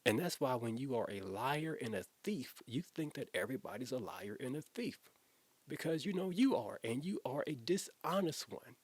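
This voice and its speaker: A man's voice: medium pitch, expressive, moderate pace, breathy edge, no echo. A man, a former youth pastor, telling a personal story in an earnest, emotional, conversational way, often repeating himself as he talks.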